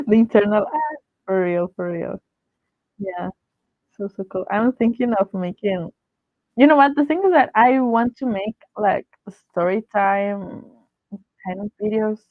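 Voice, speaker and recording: A woman's voice: mid-range voice, a little slow, long pauses, no room sound. Giggly woman telling a fan story. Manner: excited, gushing, giggly. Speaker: fan artist vlogger. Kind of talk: casual story time. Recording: tinny phone-like, dry.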